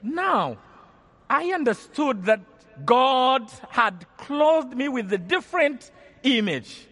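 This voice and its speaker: A man's voice: very high-pitched, very animated, slow pace, fairly bright tone. A man from Rwanda giving an earnest testimony as a preacher, often repeating and restarting his phrases. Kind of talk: storytelling sermon testimony. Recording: long hall reverb.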